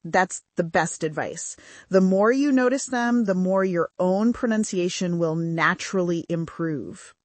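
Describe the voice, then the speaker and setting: A woman with a modern British accent teaching pronunciation, modelling each sound slowly and carefully. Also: on the low side, no room sound. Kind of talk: scripted language lesson.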